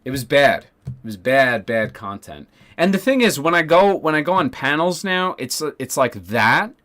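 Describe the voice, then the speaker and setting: Man, streamer, bright voice, lively pitch, sarcastic, profane, rambling rant. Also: normal speed, faint music behind. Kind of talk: casual ranting stream talk.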